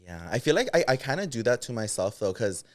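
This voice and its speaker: A man with a mid-range voice, co-hosting a podcast in casual chat. He talks fast and sounds chatty, and he reacts often with short fillers. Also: mid-range voice, very animated, dry recording. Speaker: podcast co-host.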